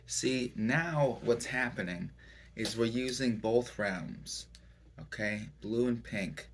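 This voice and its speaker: A man giving a mock-serious self-help lecture in a rambling, deadpan way, full of fillers and pauses. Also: lowish voice. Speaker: comedic self-help presenter.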